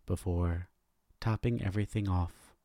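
A man narrating a dark fantasy story in a measured, deliberate scripted reading. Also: low voice, fairly even intonation.

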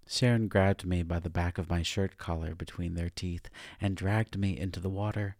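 A man narrating a first-person story in a measured, even reading. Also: low voice, no room sound, clean studio sound.

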